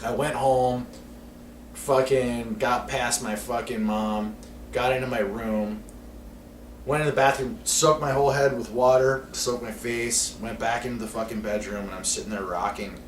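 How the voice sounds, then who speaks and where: A man's voice: medium pitch, steady tone, unhurried. A man telling a rambling, profane story in casual podcast talk. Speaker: podcast co-host. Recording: echoey room, distant mic, noisy.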